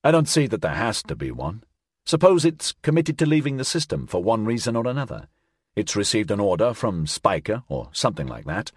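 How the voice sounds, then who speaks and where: A man voicing a calm, earnest male crewman in an audiobook, persuading gently. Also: fairly low pitch, a little fast, slightly rough, no room sound, studio quality, full character voice.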